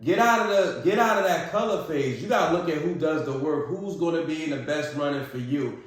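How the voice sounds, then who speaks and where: A man's voice: on the high side, fairly quick. A man co-hosting a podcast, making his points earnestly and insistently in a casual political discussion. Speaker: podcast co-host. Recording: echoey room.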